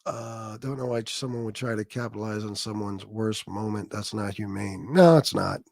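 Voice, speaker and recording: A man's voice: lowish voice, moderate pace, vocal fry, darkish tone, no room sound, studio quality. A man hosting a livestream, ranting at people in a heated, sarcastic, profane way. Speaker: livestream host.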